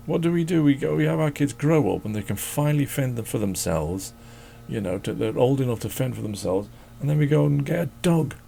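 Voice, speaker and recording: A man's voice: mid-range voice, animated, a little fast, creaky, warm tone, a little hiss or hum. A man chatting casually as he draws, rambling and joking and talking to his dog. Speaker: drawing channel host. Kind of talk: casual chat while drawing.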